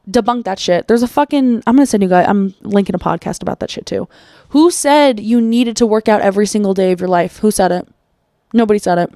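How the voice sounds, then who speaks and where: A woman's voice: on the high side, a little mellow, no echo, clean studio sound. A woman hosting a solo motivational podcast. She talks bluntly, swears freely, fires off rhetorical questions and acts out the inner voices she quotes. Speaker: podcast host.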